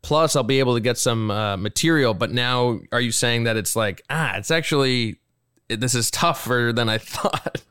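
A man's voice: medium pitch, moderate pace, fairly bright tone, smooth, no room sound, clean studio sound. A man co-hosting a casual chat, asking the guest probing questions. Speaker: podcast co-host.

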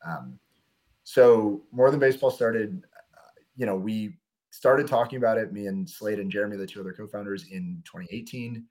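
Laid-back young man, lowish voice. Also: normal speed. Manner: relaxed, rambling storyteller with frequent fillers. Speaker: minor league baseball pitcher, guest. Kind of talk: casual podcast interview.

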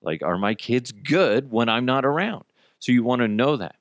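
A man's voice: mid-range voice, animated, normal speed, no room sound, studio quality. A man in his thirties hosting a podcast, chatting casually, swearing freely and acting out the quotes in his stories. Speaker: podcast host. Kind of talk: casual storytelling chat.

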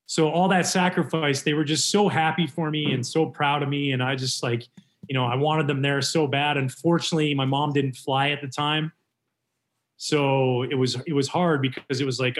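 Male guest, Canadian-raised, forties, lively storyteller, casual. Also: medium pitch. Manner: animated storyteller acting out quotes. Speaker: former baseball pitcher, guest.

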